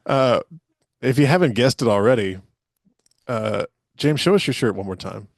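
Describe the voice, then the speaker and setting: A man's voice: medium pitch, expressive, moderate pace, dry recording, studio quality. A man hosting a podcast, leading loose, joking banter and rambling asides. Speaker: podcast host. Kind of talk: casual podcast chat.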